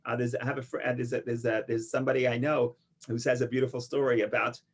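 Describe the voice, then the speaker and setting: A man teaching an informal Torah class, an animated storyteller with many restarts who gets loud for punchlines. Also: medium pitch, quick pace, slightly rough. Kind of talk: informal Torah lesson with stories and jokes.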